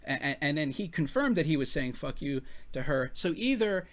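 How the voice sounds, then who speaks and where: A man's voice: a little high, very animated, moderate pace, fairly bright tone. A man from the United States giving casual reaction commentary, rambling, swearing freely and restarting his sentences often.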